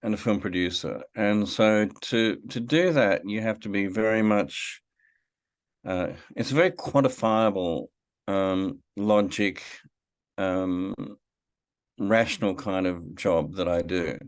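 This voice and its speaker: A man's voice: lowish voice, slow pace, no room sound. A middle-aged man, a filmmaker guest in a podcast interview, telling a story reflectively with many fillers and restarts. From Australia.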